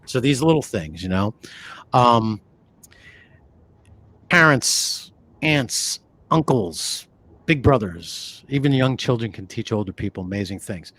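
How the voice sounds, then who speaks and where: A man from the New York City area co-hosting a podcast, talking in a rambling, animated way with many fillers and restarts. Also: mid-range voice, slow pace, long pauses, no echo. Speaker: podcast co-host. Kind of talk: conversational podcast talk.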